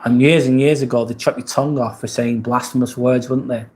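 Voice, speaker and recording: A man's voice: medium pitch, brisk. A British man hosting a casual live stream, chatting loosely and thanking viewers as he reads their comments. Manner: relaxed, rambling, thanks viewers often.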